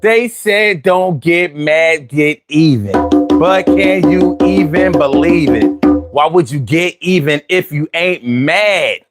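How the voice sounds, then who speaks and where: A man's voice: on the high side, takes it slowly, over loud music. A man hosting a casual livestream talk show. He uses slang, repeats phrases and asks his viewers rhetorical questions.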